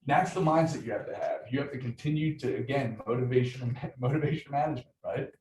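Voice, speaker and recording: A man's voice: mid-range voice, quick pace, darkish tone. Brief: man leading a workshop, upbeat coaching tone, recorded from a distance in an echoey meeting room. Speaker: training session leader. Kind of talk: lively group training talk. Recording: roomy echo, distant mic, faint noise.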